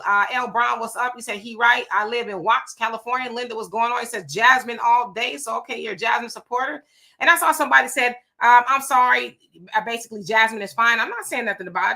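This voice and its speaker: Woman, live stream host, bright tone, slightly high voice, casual chatty vernacular, reads viewer comments aloud.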